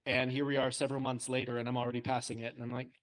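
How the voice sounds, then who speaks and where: A man's voice: medium pitch, little pitch movement, rapid-fire. A young man chatting casually on a podcast, telling self-deprecating stories and laughing often. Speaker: co-host, trainee.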